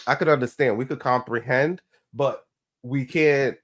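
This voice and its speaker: Guy on a podcast, kinda rambly, keeps restarting, middle pitch. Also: steady tone, measured pace. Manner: rambling, hesitant, lots of fillers and restarts. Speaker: podcast co-host. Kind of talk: casual chat.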